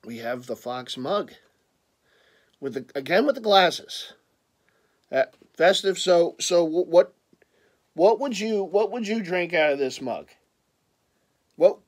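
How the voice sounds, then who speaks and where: A man's voice: sits high, lively intonation, takes it slowly, pauses often. A man with a Philadelphia accent, chatting casually on his vlog about his purchases and rambling with lots of stammered restarts and playful teasing. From Philadelphia area. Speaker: vlogger.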